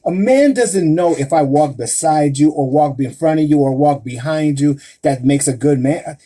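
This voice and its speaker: A man's voice: fairly high pitch, moderate pace, mellow. A man hosting a live-stream advice talk, speaking emphatically to women listeners and asking rhetorical questions. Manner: addresses women listeners directly. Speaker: relationship advice host.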